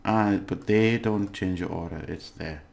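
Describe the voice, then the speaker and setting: Low-voiced man teaching a casual lesson. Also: creaky, darkish tone. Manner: patient, often checking in with "okay?" and pausing with "uh". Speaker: language teacher. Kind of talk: casual recorded lesson recap.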